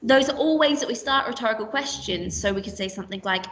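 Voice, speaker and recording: A woman teaching a recorded literacy lesson to young pupils, her voice bright and fairly high. She explains patiently and step by step, trying on lively example voices as she goes. The sound is roomy and echoey, as if the mic sits a little way off. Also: quick pace, hardly any pauses, recorded from a distance. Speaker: primary school teacher. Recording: echoey room, voice a bit off-mic.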